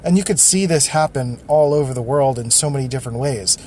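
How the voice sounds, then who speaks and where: A man's voice: mid-range voice, a little fast, a little mellow, a little hiss or hum. Rambling man hosting a solo podcast. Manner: rambling, thinking aloud with many fillers. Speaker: podcast host.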